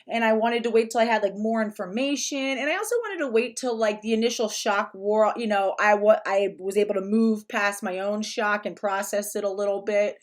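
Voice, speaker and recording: A woman's voice: mid-range voice, a little fast, few pauses. A woman speaking in a casual commentary vlog, rambling along with frequent restarts. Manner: rambling, with many restarts and fillers.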